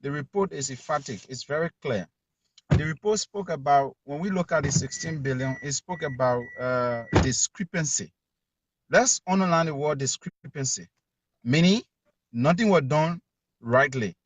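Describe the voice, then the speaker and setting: Calling in to a talk show, a Liberian journalist argues emphatically and keeps repeating his key words. He speaks Liberian English at a moderate pace in a voice on the high side, with background noise behind him.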